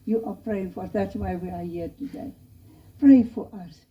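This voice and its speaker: A woman's voice: mid-range voice, normal speed, dark tone. Earnest woman preaching. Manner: earnest, pleading, storytelling. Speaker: missionary preacher. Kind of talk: sermon with missionary appeal. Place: church chapel. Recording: lo-fi dull recording.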